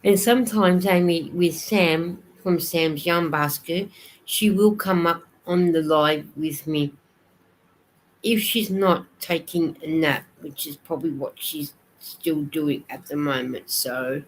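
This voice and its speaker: Low and slow, this Australian woman chats casually on a live stream, reading out viewers' comments and replying as she goes. The recording is rough, with a slight hiss or hum underneath.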